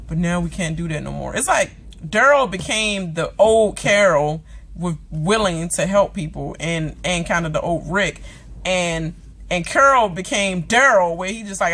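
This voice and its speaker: A woman's voice: lowish voice, lively intonation, unhurried, fairly bright tone. A woman vlogger giving a casual, dramatic reaction rant about a TV episode, swearing freely and acting out the characters. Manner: chatty with many fillers and asides.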